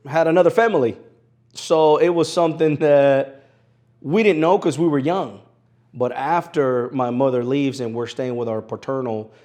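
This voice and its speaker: A man in his thirties from Venezuela, speaking English with a Spanish accent and a slight Southern twang, telling stories in an animated way as an interview guest. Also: mid-range voice. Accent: Venezuelan Spanish with an East Tennessee twang. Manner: animated storyteller, laughs easily, repeats phrases for emphasis. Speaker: interview guest, sports broadcaster. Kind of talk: conversational storytelling interview.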